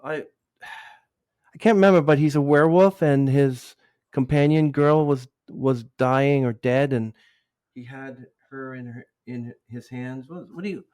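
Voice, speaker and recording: A man's voice: mid-range voice, unhurried, a little mellow. Rambling man hosting a podcast. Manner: rambling, hesitant, trails off mid-sentence. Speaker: podcast host. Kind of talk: casual interview chat.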